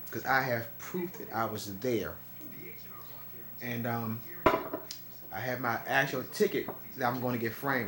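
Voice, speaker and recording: A man's voice: medium pitch, roomy sound. A chatty young man, talking casually to camera at home. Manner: chatty, talks straight to viewers. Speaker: vlogger. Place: indoors at home.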